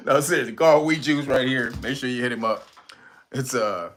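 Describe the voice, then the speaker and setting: Hosting a laid-back livestream at a moderate pace, this middle-aged man is loud and full of jokes. He laughs frequently and keeps slipping into squeaky, playful voices.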